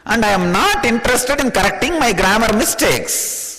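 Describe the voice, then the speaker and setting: Playful Indian-accented man, high lively voice. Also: normal speed, big-room sound, poor audio. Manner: playful, laughs often. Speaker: spiritual teacher. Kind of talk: spiritual discourse.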